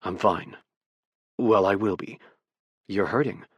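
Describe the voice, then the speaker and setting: Man voicing a male footballer, husky, low, hushed, gruff yet tender, audiobook romance. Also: slow, no echo, lo-fi sound. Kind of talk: audiobook character voice.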